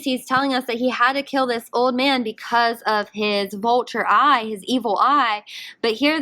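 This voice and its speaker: A woman's voice: fairly high pitch, pushed and bright. A woman teacher leading a guided reading lesson, conversational, asking her students questions as she explains the text. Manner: conversational, asks the class questions. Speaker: English teacher.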